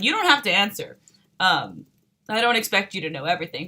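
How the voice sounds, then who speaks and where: A woman's voice: mid-range voice, sing-song, fairly quick, sharp tone. A woman streamer chatting casually as she reacts to music, giggling often and full of questions.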